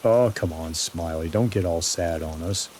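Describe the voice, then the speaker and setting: A man's voice: low-pitched, moderate pace, a little mellow, slight background noise, close to an everyday voice. A man voicing a lanky teenage boy who sneers and taunts in a spooky audio story. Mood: taunting.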